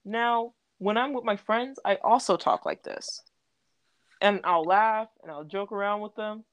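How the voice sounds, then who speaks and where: A woman's voice: mid-range voice, unhurried, dry recording. A young adult woman talking in casual podcast chat, laughing often and using lots of fillers. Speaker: podcast co-host.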